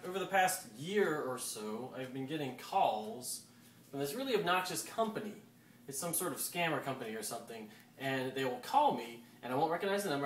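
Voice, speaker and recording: Animated man telling a story, roomy. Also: medium pitch, distant mic, slight background noise. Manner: animated, acts out quotes. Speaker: storyteller on a talk show. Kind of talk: casual anecdote telling.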